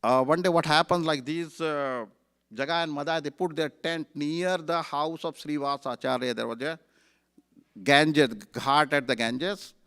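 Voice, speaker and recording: A man's voice: a little high, unhurried, smooth. A man telling a sermon story at a temple, in a conversational way full of fillers. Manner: conversational, many fillers, animated retelling. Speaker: temple speaker. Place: temple hall.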